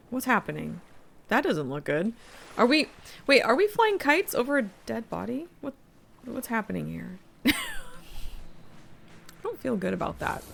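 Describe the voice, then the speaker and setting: A woman's voice: fairly high pitch, creaky, fairly bright tone. A middle-aged woman streaming a game, chatting casually, thinking aloud and reading quest text. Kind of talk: casual live-stream commentary.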